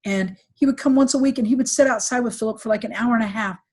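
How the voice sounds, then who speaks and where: A middle-aged woman recounting a painful family story on a podcast, with halting restarts and fillers, sometimes quoting others in livelier voices. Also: fairly high pitch, a little mellow. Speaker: podcast guest, executive recruiter. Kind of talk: emotional personal storytelling.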